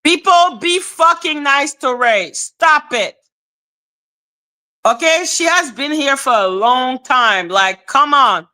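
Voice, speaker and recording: A woman with a high, bright, clear voice talks to her livestream viewers in unhurried, animated casual chat. She keeps checking in with them, laughs often and drops casual swear words. Her delivery is easygoing and expressive. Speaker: livestream host.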